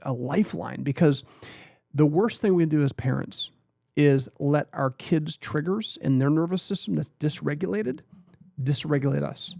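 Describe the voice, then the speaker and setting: A man's voice: on the high side, moderate pace, creaky, dark tone, no echo, clean studio sound. A man co-hosting a podcast, talking earnestly and emphatically in a coaching tone.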